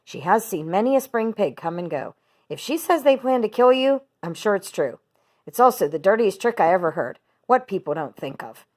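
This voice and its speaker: A woman voicing a wise, kind female spider in a read-aloud storybook, sweet and calm. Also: mid-range voice, moderate pace, natural voice. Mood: gentle.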